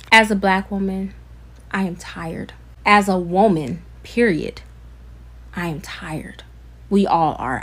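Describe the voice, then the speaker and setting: A woman's voice: on the low side, fairly bright tone. A woman in a dramatic, exasperated and profane social media rant.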